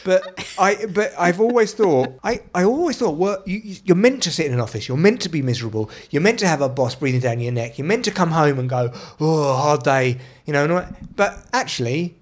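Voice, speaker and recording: A man's voice: fairly high pitch, expressive, brisk, hardly any pauses. A man in his thirties co-hosting a podcast, telling stories in a casual, sweary, laughing way. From England. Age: 30s. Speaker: podcast co-host. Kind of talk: casual chat.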